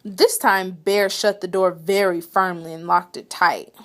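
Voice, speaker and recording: A woman reading a children's picture book aloud with expressive, dramatic storytelling. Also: fairly low pitch, measured pace. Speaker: read-aloud reader.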